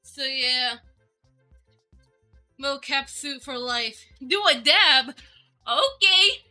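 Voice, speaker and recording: Talking very slowly in a sharp, high voice, a woman VTuber hangs out with her viewers in casual livestream chat. She's bubbly and giggles a lot, and faint music runs in the background.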